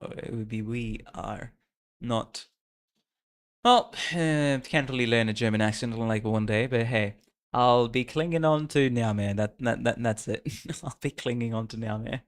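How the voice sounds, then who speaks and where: Streaming a story game, a man reads along and chats casually, playful and self-mocking, laughing often. His voice is medium-pitched and a little slow.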